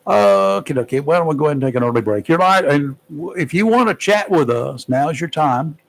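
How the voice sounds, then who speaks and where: A male talk radio host chatting on air from a studio. His talk is folksy and loose, full of small jokes, and he often pauses on "uh" as he goes. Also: fairly high pitch, expressive, gravelly, poor audio. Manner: folksy and joking, with many fillers. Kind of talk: casual talk radio commentary.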